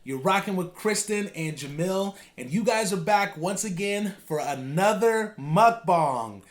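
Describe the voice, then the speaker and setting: Lively upbeat man co-hosting. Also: high voice, measured pace. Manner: upbeat, laughs often, playful teasing. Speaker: co-host. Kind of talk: casual mukbang chat.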